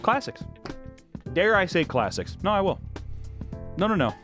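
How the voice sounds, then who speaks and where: Profane, animated comedic reviewer, man. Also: high-pitched, normal speed, music in the background. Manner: sarcastic, profane rants. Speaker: video reviewer. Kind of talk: comedic commentary.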